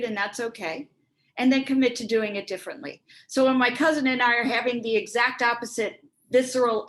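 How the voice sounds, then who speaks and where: A woman's voice: medium pitch, rough recording. Earnest woman giving a workshop talk. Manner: earnest, reflective, acts out quoted dialogue. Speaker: speaker on resilience and relationships.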